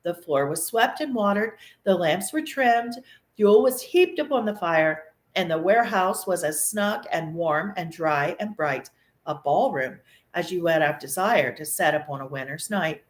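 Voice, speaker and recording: A woman reading a classic novel aloud with expressive, animated storytelling, in a room of an old mansion. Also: fairly low pitch, measured pace. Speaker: reader. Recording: echoey room.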